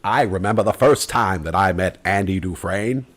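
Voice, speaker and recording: A man doing an impression of a slow, deep-voiced older male narrator. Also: a bit bright. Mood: solemn.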